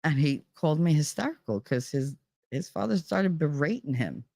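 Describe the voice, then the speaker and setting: A woman's voice: low-pitched, big pitch swings, unhurried, darkish tone, no room sound, clean studio sound. A middle-aged woman streaming from home, telling a story in casual chat, heated and profane. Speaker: live streamer.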